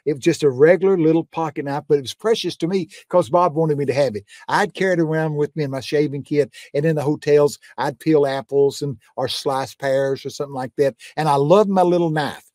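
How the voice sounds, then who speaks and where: An older man with a slightly high voice tells faith stories in a homespun, fervent way. He keeps coming back to emphatic refrains as he talks. The sound is close and dry, with no room echo. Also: a little fast, few pauses, a little mellow. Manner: folksy, fervent, repeats "I'm telling you". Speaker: guest preacher. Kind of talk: testimony storytelling in a conversation.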